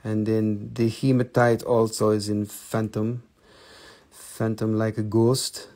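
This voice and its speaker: Playful man, Russian accent, selling crystals on a live stream, slow and unhurried. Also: fairly low pitch, a little mellow. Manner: playful, broken English. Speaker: online crystal seller. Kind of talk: live-stream sales show.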